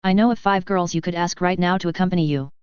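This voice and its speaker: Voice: medium pitch, fairly even intonation, fast, smooth, no echo, muffled recording, close to an everyday voice. A narrator voicing an exuberant, scheming schoolgirl, cheerful and teasing in a sing-song way.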